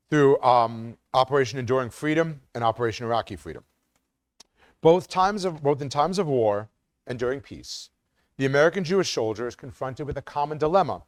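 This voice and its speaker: A man's voice: medium pitch, no echo. A middle-aged man giving a community lecture as an academic, speaking with occasional ums and restarts. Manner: reads quotes with sing-song emphasis, some restarts and ums.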